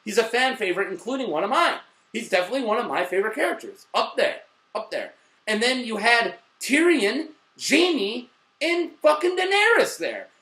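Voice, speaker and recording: A man hosting a casual TV episode review, excitable and profane, rambling with fillers and mock voices. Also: very high-pitched, a little fast, echoey room. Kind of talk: casual video review chat.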